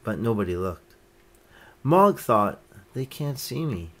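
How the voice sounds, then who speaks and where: A man reading a children's picture book aloud, gently lifting his voice for each character's lines. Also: lowish voice, sing-song, takes it slowly, a little hiss or hum. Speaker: storyteller.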